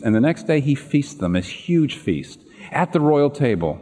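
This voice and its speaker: A man preaching, his voice swinging widely in pitch as he tells the story. He acts out the characters' lines. His voice rings with a long reverb, as if in a large sanctuary. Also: normal speed. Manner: animated storytelling, acting out quoted lines. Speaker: pastor. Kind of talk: sermon retelling a Bible story. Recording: reverberant hall.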